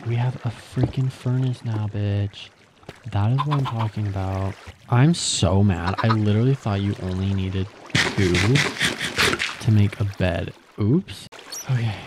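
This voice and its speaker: A young man commentating his own video game play, excitable, gasping and squealing at the animals he finds. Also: on the low side, unhurried, background noise. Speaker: gaming channel host. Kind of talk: gameplay commentary.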